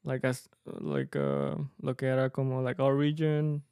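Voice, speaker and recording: A man's voice: medium pitch, flat delivery, normal speed, mellow, smooth, dry recording, studio quality. A young man, a working musician and co-host, chatting casually, laughing a lot and throwing in teasing asides. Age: young adult. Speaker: gigging mariachi musician and co-host. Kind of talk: casual podcast chat.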